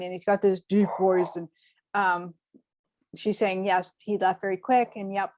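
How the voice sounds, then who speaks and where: A woman hosting a spiritual show, giving medium readings in an animated, gushing way with lots of fillers. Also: medium pitch, unhurried, slight background noise. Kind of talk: spiritual reading, casual chat.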